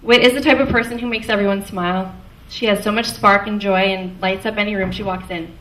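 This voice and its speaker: A woman's voice: mid-range voice, fairly even intonation, brisk, a bit bright. Young woman, maid of honor, fond toast, echoey hall, distant mic. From Canada. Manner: fond, light, chuckling between lines. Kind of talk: wedding toast speech. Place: wedding reception hall. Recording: echoey hall from far off, faint noise.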